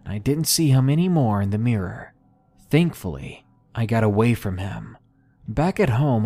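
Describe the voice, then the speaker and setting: A man's voice: mid-range voice, a little mellow. Man narrating a scary story. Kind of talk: scripted narration of a submitted horror story.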